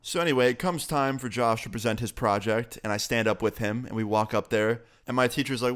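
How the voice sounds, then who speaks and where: A young man tells a story from his school days to his viewers. He talks casually and swears freely. His voice is mid-pitched, and his delivery is animated. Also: fairly quick, few pauses, smooth. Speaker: vlogger.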